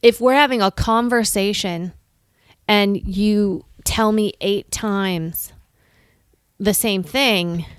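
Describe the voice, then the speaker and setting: A middle-aged woman from Chicago, co-hosting a podcast in casual chat and telling lively stories with acted-out quotes. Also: medium pitch, slow pace, clean tone, no echo, clean studio sound. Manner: animated storyteller, acts out quotes. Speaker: podcast co-host.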